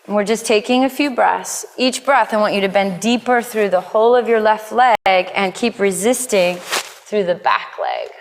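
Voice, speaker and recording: Woman leading yoga class, playful asides, mid-pitch voice, lots of hall reverb. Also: a little hiss or hum. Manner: playful, cueing poses with quick asides. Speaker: yoga teacher. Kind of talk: live yoga class instruction. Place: yoga studio. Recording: long hall reverb in studio.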